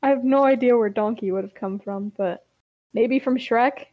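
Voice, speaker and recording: High, playful woman podcaster. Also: no echo, phone-quality sound, faint music behind. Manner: playful, teasing, quick to laugh. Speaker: podcast co-host. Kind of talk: casual chat and reading a story aloud.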